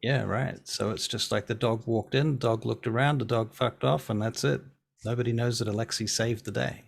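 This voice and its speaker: Gravelly game master man. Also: medium pitch, steady tone, normal speed. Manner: casual, playful, with filler words. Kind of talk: narrating a tabletop game.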